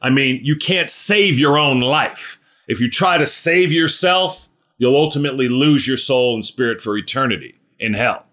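A man's voice: normal speed, fairly bright tone. Earnest, emphatic male preacher. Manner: earnest, emphatic, repeats phrases, rises in pitch on key words; many restarts and rhetorical questions. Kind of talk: sermon.

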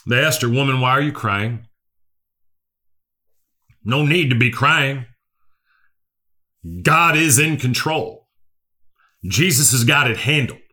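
Bright-voiced preacher man. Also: mid-range voice, slow pace, pauses often. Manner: earnest, repeats key phrases, asks the listeners questions. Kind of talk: sermon.

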